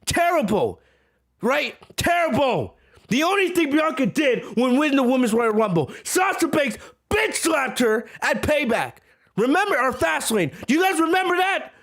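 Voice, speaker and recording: A man with a very high voice rants heatedly on his podcast. His pitch swings widely as he argues. He hammers points through repetition and shouts back at his chat. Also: big pitch swings, normal speed. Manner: repeats words for emphasis. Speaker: podcast host. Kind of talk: heated wrestling review rant.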